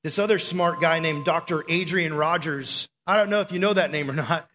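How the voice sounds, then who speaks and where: A young man preaching a sermon in an animated, emphatic, conversational way. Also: fairly high pitch, normal speed, slight background noise.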